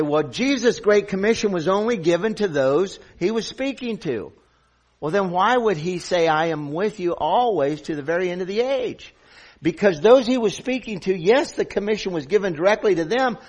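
A man's voice: sits high, animated, normal speed, slightly rough. A middle-aged man preaching a sermon as pastor, earnest and building to emphatic peaks.

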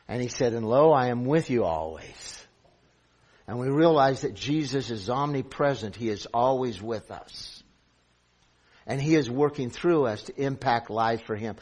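A man's voice: mid-range voice, breathy edge. A middle-aged man preaching a sermon as pastor, earnest and building to emphatic peaks.

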